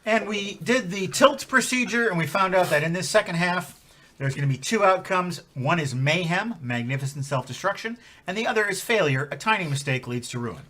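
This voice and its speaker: A man hosting a comedy tabletop game with a bright, fairly high voice. He recaps the story in a wry, playful manner. He chats casually with the other players. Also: expressive, a little fast. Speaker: game host.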